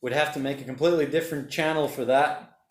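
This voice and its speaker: Male livestream host, mid-pitched, rambling chat in a roomy space. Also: steady tone, fast. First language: Portuguese. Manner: rambling, chatty, reads viewer comments aloud. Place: home room during lockdown.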